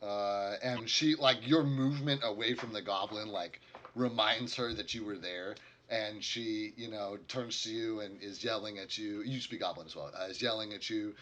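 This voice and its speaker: A man runs a tabletop game as game master, narrating loosely and rambling with many fillers. His voice is very bright and forceful, with faint noise behind it. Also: lowish voice, moderate pace.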